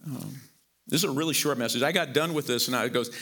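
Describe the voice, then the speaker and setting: A middle-aged male pastor from Missouri preaches conversationally in a church sanctuary, talking fast with a sharp tone. He repeats words and jumps up in pitch to stress his points.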